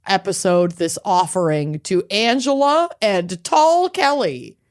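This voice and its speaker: A woman's voice: big pitch swings, slow. A woman co-hosting a casual podcast, drawling and playful, a bit tipsy. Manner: drawling, playful, swings up and down in pitch. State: tipsy and high. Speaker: podcast co-host. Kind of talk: casual chat.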